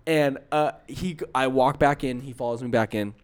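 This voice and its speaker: Young guy on a podcast mic ranting about a customer, exasperated, lots of "like" and "dude", mid-pitch. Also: moderate pace, clear, resonant tone. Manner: animated, exasperated, lots of fillers. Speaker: podcast co-host. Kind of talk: casual storytelling.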